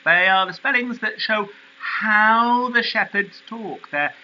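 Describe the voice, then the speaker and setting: A male teacher explaining a poem in a recorded lesson, animated and questioning. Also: high-pitched, slow, lo-fi sound, slight background noise.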